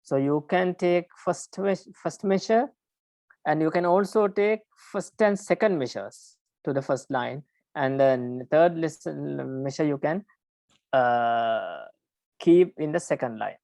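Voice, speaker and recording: Give me a deep-voiced woman teaching a class, halting and careful, recorded dry. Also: animated, vocal fry, a little mellow, no echo. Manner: halting, many fillers and restarts, careful explaining. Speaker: Pali teacher. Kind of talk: explaining metre in a class.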